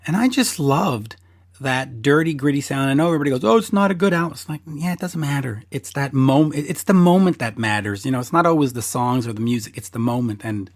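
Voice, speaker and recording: A man's voice: medium pitch, a little fast, no echo, clean studio sound. A man hosting a podcast, chatting enthusiastically and bluntly, losing his voice a little. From Canada. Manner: enthusiastic, blunt, swears casually. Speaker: podcast host. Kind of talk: casual interview chat.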